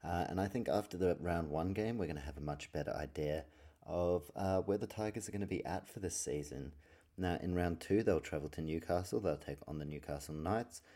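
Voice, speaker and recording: A man's voice: deep voice, a little fast, mellow. A man hosting a podcast from his room at night, chatting casually, swearing often and drifting off topic. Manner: rambling, swears a lot, easily sidetracked. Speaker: podcast host. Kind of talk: casual solo sports talk.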